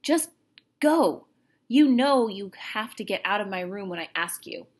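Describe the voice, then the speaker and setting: A woman's voice: mid-range voice, moderate pace, close to an everyday voice. A woman reading as an urgent, insistent young boy. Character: boastful young boy keeping a secret.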